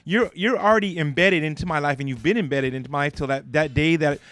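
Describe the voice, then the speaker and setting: A man's voice: a little high, fast talker, a bit bright, dry recording. A man hosting a radio interview, rambling and eager as he tells stories as a longtime fan. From Southern California. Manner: enthusiastic fan, rambling with many restarts. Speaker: radio DJ, host.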